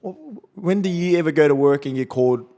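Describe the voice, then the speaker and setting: A man's voice: fairly high pitch, fast talker. A young man and rugby league player talking candidly in an interview, telling stories and acting out what people said to him. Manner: animated storyteller acting out quoted exchanges.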